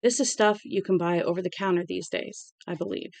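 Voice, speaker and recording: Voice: mid-range voice, fairly even intonation, brisk, creaky, no room sound. Casual reader who trips over words. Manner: stumbles on words and corrects out loud; conversational and unpolished. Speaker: amateur audiobook reader. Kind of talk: casual read-aloud with chatty asides.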